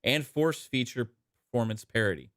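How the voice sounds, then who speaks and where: A man's voice: medium pitch, normal speed, no room sound, studio quality. A man hosting a casual podcast, chatty and emphatic, leaning into his points. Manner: chatty, emphatic, animated asides. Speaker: podcast host.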